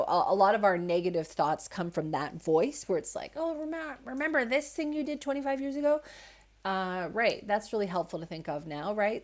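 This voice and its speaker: A young woman hosts her own spiritual podcast, speaking alone to her listeners. She talks in a relaxed, reassuring way, circling her points with easy fillers and asides. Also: fairly low pitch. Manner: warm, reassuring, conversational with many fillers. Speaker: podcast host. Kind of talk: solo spiritual podcast talk.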